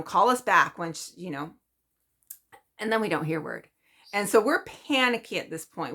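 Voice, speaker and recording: Bright-voiced woman telling a story. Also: medium pitch. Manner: chatty, animated, laughs often. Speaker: vlogger. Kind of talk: casual storytelling.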